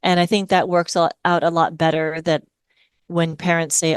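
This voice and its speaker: A middle-aged woman from Hawaii speaks in a smooth, resonant voice that sits a little low. She explains her work with the patience of a speech-language pathologist, and she is recorded close and dry with no room sound. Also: little pitch movement, normal speed, dry recording. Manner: patient, explanatory, models phrases in a lilting parent voice. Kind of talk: podcast interview conversation.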